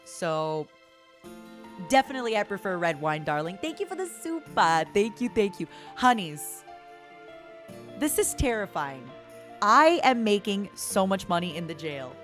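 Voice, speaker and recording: A woman's voice: medium pitch, very animated, unhurried, fairly bright tone, faint music behind. A woman streamer chatting casually with her audience in a playful motherly persona, calling viewers honey and darling. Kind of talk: casual live-stream chat.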